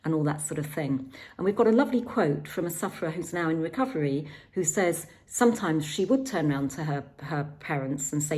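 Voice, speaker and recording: A middle-aged woman, giving a calm, gentle training talk for carers, with frequent ums and repeated words. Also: sits low, brisk. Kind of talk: instructional talk.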